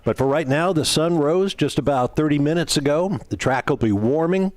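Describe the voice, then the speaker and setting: Measured man calling a road race. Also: on the high side, lively intonation, darkish tone, dry recording. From Atlanta, USA. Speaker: race commentator. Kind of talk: live race commentary.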